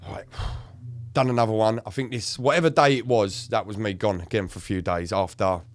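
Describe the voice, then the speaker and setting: In a dry recording, a fairly low-voiced man speaks at normal speed with fairly even intonation. As a podcast co-host in recovery, he openly tells his own story, swearing, showing emotion, and acting out others' words.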